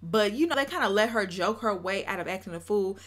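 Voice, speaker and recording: A young woman talks straight to her viewers in a blunt, opinionated recap of a reality show. She judges freely and livens up her retelling by acting out what people said. Her pitch sits in an everyday middle range. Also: fairly quick. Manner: animated, acts out quotes in put-on voices.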